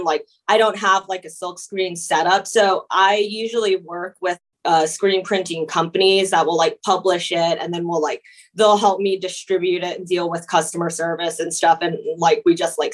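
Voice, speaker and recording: A young woman from the USA, an illustrator being interviewed, talking casually with many fillers. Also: lowish voice. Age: young adult. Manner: relaxed, frequent "like" fillers, laughs easily. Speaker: illustrator and painter guest.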